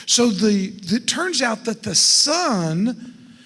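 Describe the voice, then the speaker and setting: A middle-aged man with a high voice gives a folksy seminar talk to a church congregation. He keeps putting questions to his listeners as he goes. His voice rings out with a long reverb off the sanctuary walls. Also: very animated, takes it slowly, pushed and bright, breathy edge. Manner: folksy, asks the audience questions. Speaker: estate planning speaker at a church.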